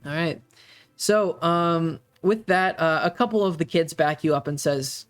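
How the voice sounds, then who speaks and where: A man narrating a tabletop game as game master, halting often with fillers. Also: a little high, a bit bright.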